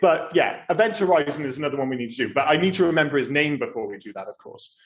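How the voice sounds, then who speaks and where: A man co-hosting a film podcast, chatting casually and rambling with lively, sweary asides. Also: on the high side, very fast. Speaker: podcast co-host. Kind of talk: casual chat.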